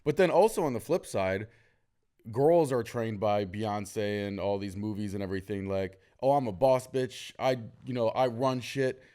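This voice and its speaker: A man hosting a casual podcast conversation, candid and storytelling, lively when he quotes others. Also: on the low side, normal speed.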